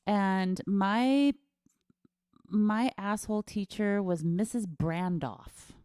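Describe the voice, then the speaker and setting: A woman from the United States, chatting as a guest and telling lively stories about her school days. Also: medium pitch, slow pace, clear, resonant tone, no room sound, clean studio sound. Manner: lively storytelling, laughs often, reads viewer comments aloud. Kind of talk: casual chat.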